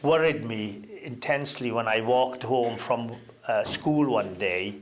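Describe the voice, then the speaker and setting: An older man from Wales, appearing as an interview guest, reminisces through anecdotes at an easy, unhurried pace. His middling pitch jumps up now and then as he gets into a story, broken by ums and uhs.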